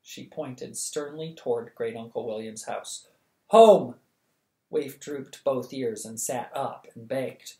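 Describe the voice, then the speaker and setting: A reader narrating a novel for bedtime at a steady, lively pace. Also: medium pitch, a little slow, few pauses. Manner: steady, lively, acts out the dialogue. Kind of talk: audiobook reading of a novel. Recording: echoey room.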